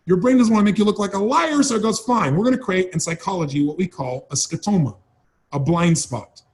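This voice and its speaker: A man's voice: high voice, expressive, brisk. A man giving a motivational seminar talk, speaking emphatically and dramatically, repeating phrases for effect. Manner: dramatic, acts out voices of people he describes.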